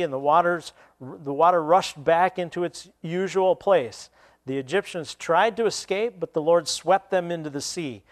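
A man preaching a sermon, retelling scripture and then explaining it with pauses and restarts. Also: on the high side.

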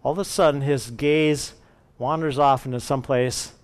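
A male pastor preaching and reading scripture aloud, expressive and acting out quoted speech. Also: medium pitch, moderate pace, clear, resonant tone. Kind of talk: sermon with Bible reading.

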